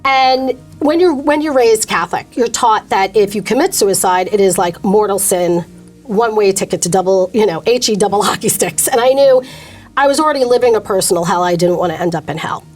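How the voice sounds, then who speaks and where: A woman's voice: medium pitch, brisk, a little mellow, soft background music. A middle-aged woman, a guest on an interview show, telling her personal faith story candidly and emotionally.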